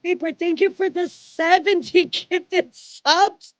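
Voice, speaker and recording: Young woman, streamer, high voice, unhurried, excitable, laughing, swearing, live stream chat. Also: no room sound, highs cut off.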